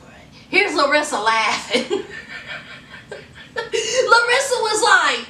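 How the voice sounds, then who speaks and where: A young woman who recaps in a sassy, animated and gossipy way. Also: sits high, a little slow, long pauses, recorded from a distance. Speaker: YouTube recap host. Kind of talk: casual chatty recap. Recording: roomy echo, off-mic.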